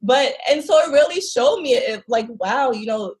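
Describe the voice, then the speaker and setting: A woman guest in a casual interview, telling travel stories in an animated, expressive way and laughing often. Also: high voice, normal speed.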